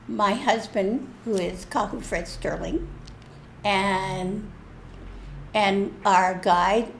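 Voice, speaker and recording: A woman sharing a personal story at a church service in a lively, self-mocking way. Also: medium pitch, slight background noise. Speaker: church speaker. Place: church hall.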